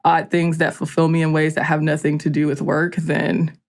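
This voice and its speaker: A woman's voice: low-pitched, flat delivery, moderate pace. A woman from Georgia in the US, a podcast guest chatting casually with lots of "like" fillers. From Georgia, USA. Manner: chatty, filler-heavy with frequent "like".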